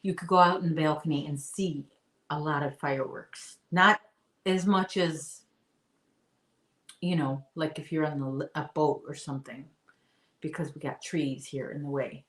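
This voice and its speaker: A woman's voice: deep voice, steady tone, moderate pace, a bit bright, roomy sound, poor audio. A woman in her late forties hosting a casual live chat, talking to her viewers and her dog. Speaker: livestream host. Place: apartment room.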